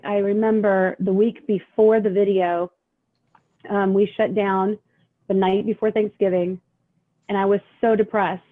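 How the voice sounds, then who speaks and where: A middle-aged woman from Indiana who runs a small pub, telling her story at a town hall in a halting way, with many fillers and restarts. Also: medium pitch. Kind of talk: emotional personal testimony at a town hall. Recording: tinny phone-line sound.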